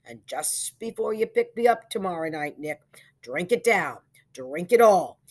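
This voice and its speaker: A woman's voice: on the low side, animated, unhurried. A woman voicing a male traveler who coaxes and pleads in earnest, rising questions. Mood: pleading.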